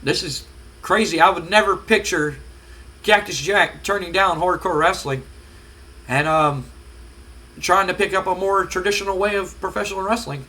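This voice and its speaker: A man's voice: high voice, normal speed, bright, forceful tone. A man hosting a casual let's-play commentary on a wrestling sim game, hesitant with many fillers. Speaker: gaming channel host.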